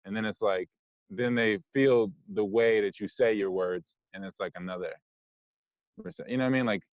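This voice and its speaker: A man's voice: on the low side, normal speed, no room sound, lo-fi sound. A man in his thirties with a mixed American accent and a slightly nasal voice, a podcast guest talking loosely with lots of fillers. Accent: mixed American, Californian with Jersey and Detroit touches. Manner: loose and rambling, many "like" and "you know what I mean" fillers. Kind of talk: casual conversational interview.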